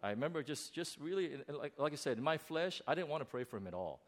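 A middle-aged man, a pastor, telling a personal story in a sermon, animated and full of restarts. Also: fairly high pitch, fast. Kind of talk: sermon testimony.

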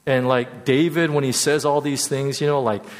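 Man, candid testimony, halting with many restarts, middle pitch, long hall reverb. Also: fairly even intonation. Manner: halting, repeats words and restarts often; voice drops soft and low when emotional. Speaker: speaker sharing a personal testimony.

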